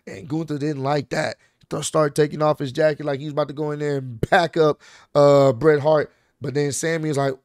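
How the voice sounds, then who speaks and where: A man hosting his own channel, casually recapping wrestling in an animated, slangy way and acting out what the wrestlers said. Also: fairly high pitch, fairly quick, no room sound, clean studio sound. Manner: animated, slangy retelling with acted-out quotes.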